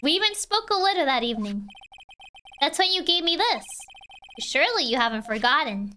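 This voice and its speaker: A woman reading the lines of a gentle young nun in a game, soft and polite. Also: high voice, sing-song, fairly quick, a little hiss or hum, exaggerated voice. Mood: calm.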